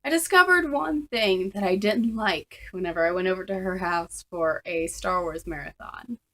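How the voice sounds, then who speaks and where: Bright, chatty young woman vlogging. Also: medium pitch, moderate pace. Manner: chatty and animated, full of fillers. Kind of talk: casual storytime. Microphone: camera on a tripod.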